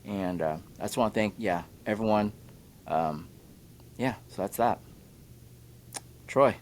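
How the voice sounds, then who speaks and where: A man hosting a podcast, with a Midwestern American accent, talking casually and haltingly with lots of fillers like "you know" and "like". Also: fairly low pitch. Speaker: podcast host.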